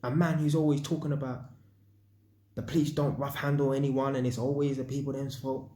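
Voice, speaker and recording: A man's voice: mid-range voice, little pitch movement, a little fast, warm tone, roomy sound. A man vlogging, telling a personal story in casual slang and acting out sound effects. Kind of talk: storytelling monologue.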